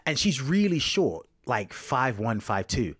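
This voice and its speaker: A man with an English accent, a podcast guest chatting casually and telling animated stories. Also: mid-range voice, slightly rough. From England. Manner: animated storytelling, quick and expressive. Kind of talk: casual chat.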